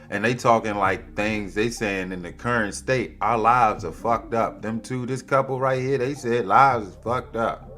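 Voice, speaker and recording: A man's voice: measured pace, soft background music. Heated man ranting with AAVE. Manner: heated, profane, animated with big pitch swings. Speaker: podcast host. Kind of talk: opinionated political rant.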